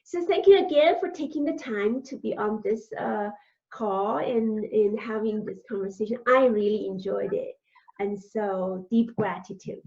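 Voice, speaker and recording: Mellow-voiced woman host on a dull call. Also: mid-range voice, measured pace, creaky. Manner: warm and encouraging, with many fillers. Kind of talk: interview on a video call. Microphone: video call. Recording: dull, lo-fi video call audio.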